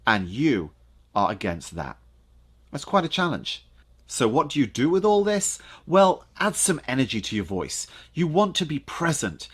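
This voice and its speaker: Guy coaching presenters to camera, voice goes way up and down, pauses for effect then punches words. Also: mid-range voice, sing-song, slightly rough. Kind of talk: lively coaching talk to camera.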